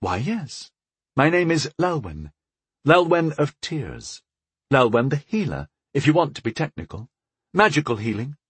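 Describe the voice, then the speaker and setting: A man's voice: medium pitch, very animated, unhurried, slightly rough, no echo, pitched above the performer's own voice. A man voicing a wry young woman healer. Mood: amused. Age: 20s. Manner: patient, amused, matter-of-fact.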